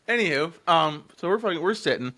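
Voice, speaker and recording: A man's voice: sits high, very animated, moderate pace, bright, forceful tone. A man in his twenties co-hosting a podcast, telling a story casually, swearing freely, laughing often and leaning on fillers. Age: 20s. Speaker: podcast co-host.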